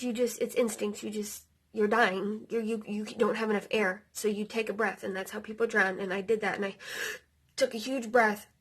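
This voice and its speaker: A woman in her thirties tells a personal story straight to her audience, loose and chatty, with plenty of fillers and the odd curse. Her pitch sits in the middle for a woman. Feeling comes through as the story gets heavier. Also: breathy edge. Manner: casual, lots of fillers like "like" and "um", occasional swearing; emotional, near tears. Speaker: vlogger.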